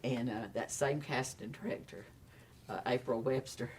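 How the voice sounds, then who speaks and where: An older man with a Southern drawl spins showbiz stories, bouncing into his quotes with lively, laughing energy. He sits a little back from the mic, so the voice carries a touch of distance. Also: mid-range voice, moderate pace, slight background noise. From Tennessee. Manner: animated storyteller, acts out quotes, laughs often. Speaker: actor guest. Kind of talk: casual storytelling interview.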